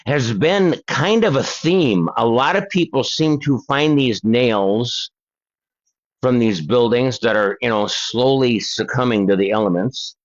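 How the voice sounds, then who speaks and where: A man's voice: medium pitch, animated, slow, lo-fi sound. An older man hosting a paranormal channel, reading letters aloud with chatty asides to his viewers. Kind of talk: casual reading of letters and articles.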